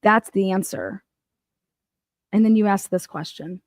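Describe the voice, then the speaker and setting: A woman's voice: medium pitch, measured pace, dry recording, studio quality. A woman hosting a casual commentary show, reacting to news clips in a blunt, profane and mocking way. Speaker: host.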